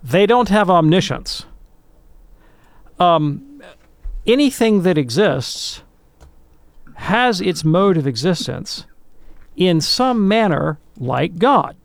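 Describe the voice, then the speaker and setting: Brief: male radio theologian, gravelly, dry close mic, patient teaching tone. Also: sits high, big pitch swings, no echo. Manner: earnest, explanatory, slows down to stress points. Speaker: theologian answering listener questions. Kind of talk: radio call-in talk.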